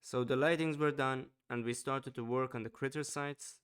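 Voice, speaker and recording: A man's voice: medium pitch, fairly even intonation, normal speed, a bit bright, smooth. Playful man narrating a game as a wizard. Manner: playful, theatrical wizard persona with puns. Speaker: let's play host. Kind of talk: scripted game voice-over.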